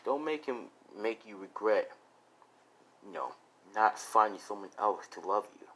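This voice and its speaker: Man doing soft-spoken Izuku, tender. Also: animated, a little slow, husky, full character voice. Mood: earnest. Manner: soft, low murmuring delivery. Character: gentle young man comforting a sad woman.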